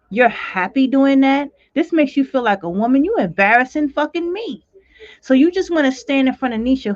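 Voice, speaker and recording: A woman hosting a livestream, giving blunt, outspoken commentary full of swearing. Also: mid-range voice. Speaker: livestream host. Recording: dull lo-fi livestream audio.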